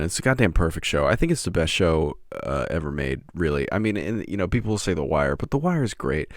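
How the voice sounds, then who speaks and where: A man's voice: a bass voice, sing-song, quick pace, few pauses, no echo, studio quality. A man hosting a podcast, rambling, profane and self-mocking. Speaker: podcast host.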